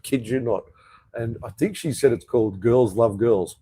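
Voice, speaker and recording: A man's voice: mid-range voice, moderate pace, warm tone, slightly rough, poor audio. A middle-aged man hosting a casual live chat, blunt, rambling and sweary. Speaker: livestream host. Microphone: phone or webcam livestream.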